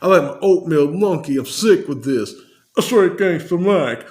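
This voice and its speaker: A man's voice: a little high, animated, moderate pace, a little mellow, voice pushed up, close to an everyday voice. A man putting on the voice of a brash, boastful male rapper persona, rapping lyrics in a playful, exaggerated way. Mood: cocky. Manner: playful, exaggerated rap delivery.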